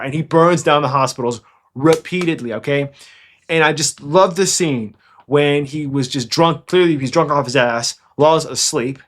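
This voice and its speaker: A fast, excitable young man rambles casually through his fan commentary, and his voice sits a little higher than most men's. He jumps from point to point with eager energy. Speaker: anime commentary channel host.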